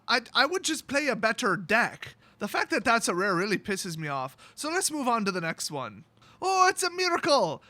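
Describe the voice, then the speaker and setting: A man's voice: high voice, sharp tone, no room sound. A man hosting a card spoiler review in a joking, exaggerated put-on Irish accent. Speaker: channel host.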